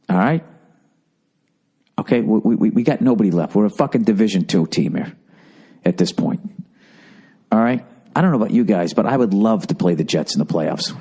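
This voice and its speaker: A man playing a scheming, gruff football coach. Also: fairly low pitch, mellow, pitched below the performer's own voice. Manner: conspiratorial, giving orders.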